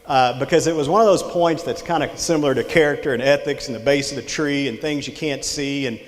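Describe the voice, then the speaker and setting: In a large hall full of listeners, a middle-aged Texan man gives a folksy motivational talk as an extension director, weaving in a story and engaging the crowd with questions. He speaks at medium pitch and a little fast, with long hall reverb on the recording.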